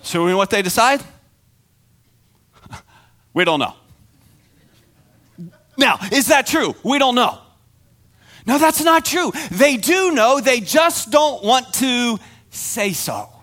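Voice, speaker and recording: Bright, high-voiced man preaching. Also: unhurried. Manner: conversational, animated, acts out the quoted voices. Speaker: pastor. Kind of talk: sermon.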